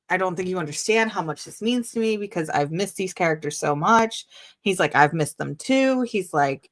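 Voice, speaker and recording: Excitable woman telling a story. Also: fairly low pitch. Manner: animated, excitable storyteller acting out dialogue. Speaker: interview guest. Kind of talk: casual storytelling in a live-stream interview.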